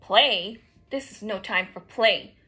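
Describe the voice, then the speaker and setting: A woman's voice: a little high, big pitch swings, slow pace, bright, forceful tone, husky, faint music behind, heavily acted. A woman voicing a fussy, earnest male duck in a storybook read-aloud, huffy and indignant in manner.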